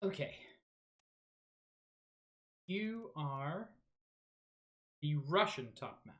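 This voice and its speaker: A woman's voice: low voice, animated, extremely slow, a bit bright. A woman streaming a game live, thinking aloud in a casual, musing, self-mocking way with the odd swear.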